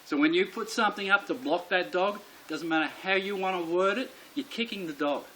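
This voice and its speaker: A man's voice: high-pitched, brisk, bright, forceful tone, a little hiss or hum, rough recording. A man teaching dog training, speaking bluntly and emphatically and repeating his key points. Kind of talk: instructional explanation to camera.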